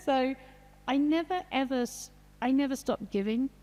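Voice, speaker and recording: A woman's voice: high-pitched, lively intonation, measured pace, darkish tone. An older woman, a grandmother, speaking in a heartfelt way as a guest on a panel. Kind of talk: panel discussion. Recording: long hall reverb.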